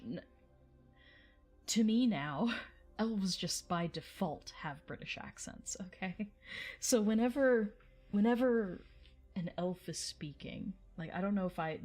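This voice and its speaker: Low-voiced chatty woman. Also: darkish tone. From United States. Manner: chatty, tangential, laughs often. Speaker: livestream host. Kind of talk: casual livestream chat answering viewers.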